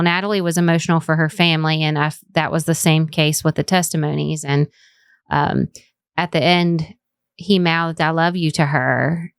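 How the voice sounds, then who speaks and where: Low-voiced Appalachian woman, measured. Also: smooth, dry recording. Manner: measured, recalls trial details with hesitations. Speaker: former juror. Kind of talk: casual podcast conversation.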